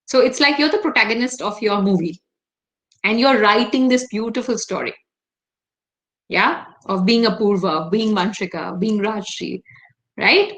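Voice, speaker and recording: Over a low-quality video call, a woman with an Indian English accent runs an interactive online workshop, regularly posing questions to her listeners and prompting them to respond. Her voice is medium-pitched and fairly bright, and she talks at a normal pace in an engaging manner.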